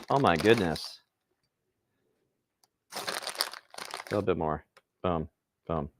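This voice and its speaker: A man's voice: deep voice, animated, slow, long pauses, background noise. A man hosting a casual cooking livestream, chatting and rambling to his viewers while he cooks outdoors. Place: outdoors by a pizza oven.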